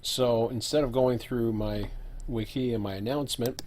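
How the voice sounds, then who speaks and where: A man's voice: medium pitch, steady tone, moderate pace, a little mellow, slight background noise. A man casually talking through a solo live stream, thinking aloud with fillers and self-corrections, sometimes while eating.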